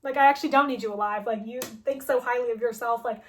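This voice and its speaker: Woman putting on a scornful young male villain, taunting, high-pitched. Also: steady tone, fast, slight background noise, close to an everyday voice. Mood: mocking. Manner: sneering, scornful.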